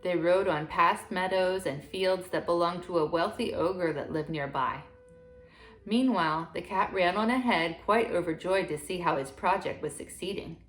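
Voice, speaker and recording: A woman gently reading a fairy tale aloud to children in a steady storytelling manner. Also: fairly low pitch, moderate pace, faint music behind.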